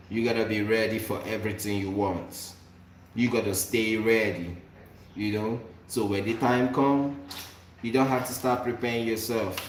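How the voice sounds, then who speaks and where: Motivational Nigerian man, low echoey voice. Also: slight background noise. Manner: preachy, repeats phrases, slips into Nigerian Pidgin. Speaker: vlogger. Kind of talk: motivational cooking-chat monologue. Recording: echoey room with faint ambience.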